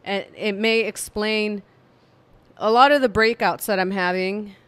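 A woman vlogging at home, talking to camera in a tired, low-energy, monotone way. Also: measured pace. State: fatigued. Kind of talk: casual talk to camera. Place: home room with candle and cats.

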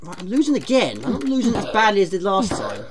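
A woman's voice: medium pitch, wildly swooping pitch, fast, crowd noise. A woman streaming a retro game, chatting casually, teasing herself and greeting viewers from chat. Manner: chatty, self-mocking, reads chat aloud.

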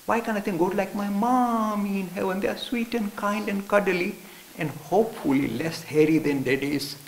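A man's voice: high-pitched, moderate pace, gravelly, pitched above the performer's own voice. A man putting on the voice of an upset little boy who pleads and complains. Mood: pleading. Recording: roomy hall with faint hiss.

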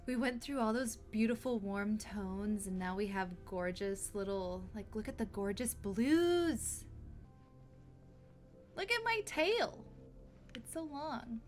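A woman's voice: mid-range voice, measured pace, hardly any pauses, a little mellow. A woman streaming a game live, thinking aloud with wonder and gasping when startled. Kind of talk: casual live gameplay reaction. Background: game music.

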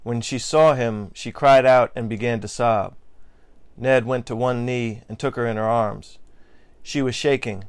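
A man's voice: medium pitch, clear, resonant tone, no echo. A man co-hosting a casual book discussion, analyzing the story and reading passages aloud, often checking in with "right?".

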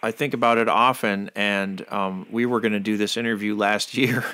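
A man's voice: fairly low pitch, fairly even intonation, normal speed, bright, forceful tone, clean tone, no echo. A man hosting a podcast interview, who talks in a fervent, preachy way and often uses religious phrases. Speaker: podcast host.

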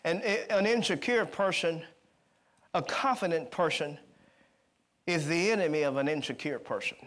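A man preaching a sermon at a church service, calling for amens and slipping into quick conversational storytelling. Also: on the high side, fairly bright tone. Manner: rising to emphatic call-and-response, then quick conversational storytelling.

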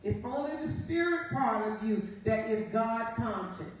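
A woman's voice: fairly high pitch, animated, unhurried, recorded from a distance. A woman pastor preaching a sermon, reading scripture aloud and often asking the congregation "Amen?". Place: church sanctuary. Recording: very echoey live church feed from afar.

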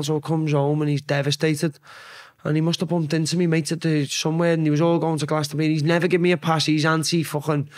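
A young man with a Scouse accent, a podcast guest telling rambling, sweary stories with acted-out quotes. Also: on the high side. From Liverpool. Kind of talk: casual storytelling chat.

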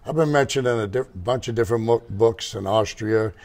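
Gravelly older man telling stories. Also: lowish voice, a little fast, a little mellow. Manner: rambling, digressive, restarts. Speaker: motorcycle shop owner, guest. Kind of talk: casual storytelling interview.

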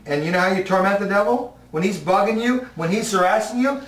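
A man delivers a sermon in a fairly high voice, talking to his congregation like friends and pausing for their answers. The sound is roomy and echoing, picked up from far off in the hall. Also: a bit bright. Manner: conversational, asks the congregation questions. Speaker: preacher.

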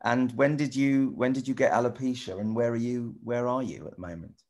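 A middle-aged man chatting casually with children over a video call, rambling and halting with lots of restarts. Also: medium pitch, darkish tone. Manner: rambling, halting, full of restarts and "you know". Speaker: celebrity guest answering children's questions. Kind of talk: casual friendly chat with children.

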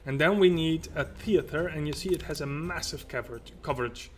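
A man's voice: on the high side, fairly quick, background noise. Rambling man narrating his gameplay. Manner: rambling, talks to himself and the game. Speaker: let's play host. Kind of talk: casual gameplay commentary. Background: loud game music.

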